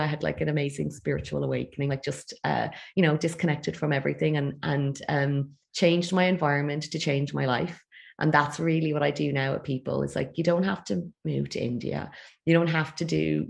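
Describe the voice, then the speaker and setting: A woman in her thirties talks as a podcast guest, her low voice carrying a gravelly fry. She tells her story in a chatty way, with quick asides and frequent laughs. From Ireland. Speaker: podcast guest, feng shui expert. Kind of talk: casual interview chat.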